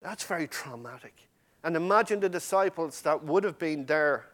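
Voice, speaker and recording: A man on the high side, with lively intonation and a moderate pace, preaches with passion. His sermon swings between loud, emphatic moments and hushed, almost whispered ones, and he talks directly to his congregation.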